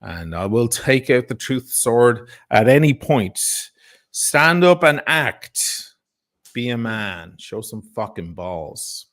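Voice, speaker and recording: A man's voice: medium pitch, very animated, slow, fairly bright tone. A man on a livestream panel, blunt and combative, swearing as he talks. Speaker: panel guest. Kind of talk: casual livestream chat.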